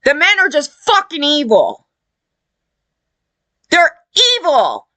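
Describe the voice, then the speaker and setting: A woman tears into her subject in a heated, profane opinion rant, scornful throughout. Her voice sits high and swings widely in pitch. The sound is dry and close. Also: big pitch swings, moderate pace, pushed and bright, dry recording. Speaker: commentator. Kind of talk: ranting opinion video.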